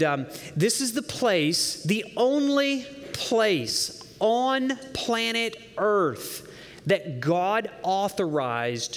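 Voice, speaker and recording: A pastor with a high, bright-pitched voice preaching with lively swings, climbing to forceful peaks and then dropping low and quiet. His voice rings out in a large church hall with a long echo. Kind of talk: sermon.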